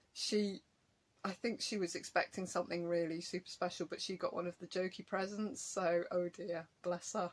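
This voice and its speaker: A woman, chatting casually in a rambling, self-mocking way for her craft vlog at home. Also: medium pitch. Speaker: craft vlogger. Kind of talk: casual chat.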